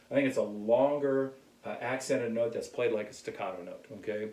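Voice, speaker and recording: Relaxed male music teacher, mellow voice, recorded from a distance in an echoey room. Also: fairly low pitch, a little slow. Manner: relaxed, keeps checking in with "okay?". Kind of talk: casual music lesson. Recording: echoey room, mic far off.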